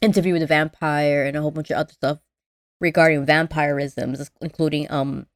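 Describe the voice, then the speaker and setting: A woman co-hosting a podcast in casual chat, animated and acting out movie lines in voices. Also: low-pitched, fairly quick, dry recording. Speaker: podcast co-host.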